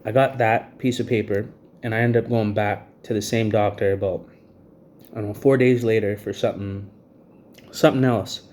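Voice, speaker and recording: A man's voice: fairly low pitch, steady tone, normal speed, a little mellow, a little hiss or hum. A man in his thirties ranting to camera in an agitated, repetitive way, short of breath, with frequent "you know what I mean" fillers. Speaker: vlogger.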